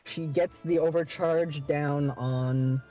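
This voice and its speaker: A man running a tabletop game as game master, joking and excitable, quick to curse. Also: fairly high pitch. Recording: dull lo-fi recording with faint music.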